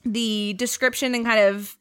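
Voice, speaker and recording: Podcast co-host, woman, chatty, slightly higher voice, laughs a lot, plays out quotes. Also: steady tone, a little slow, a bit bright, clear, resonant tone. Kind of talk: casual chat about a book.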